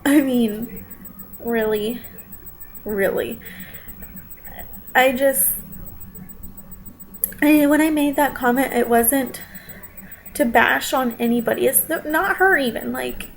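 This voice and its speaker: Young woman, vlog rant, defensive and tearful, pitch a touch high, faint hiss behind. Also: slow, vocal fry, pauses often, rough recording. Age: young adult. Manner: upset, defensive, talking straight to viewers. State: near tears at times. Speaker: vlogger.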